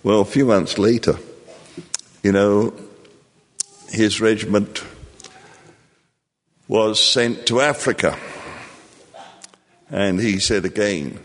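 An older man with a very low voice tells his story slowly and reflectively, filling pauses as he goes. His words ring out with a long reverberant tail, as if he is speaking in a large hall. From England. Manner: slow, reflective, with many fillers. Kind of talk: personal storytelling to an audience.

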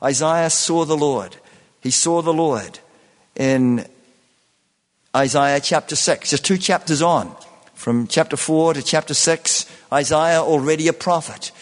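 A man preaches a sermon, letting phrases repeat and leaning on "you know" between thoughts. His voice sits a little high and he speaks at a very unhurried pace. Each line trails off into the long reverb of a big hall. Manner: slow, repetitive preaching with many "you know" fillers.

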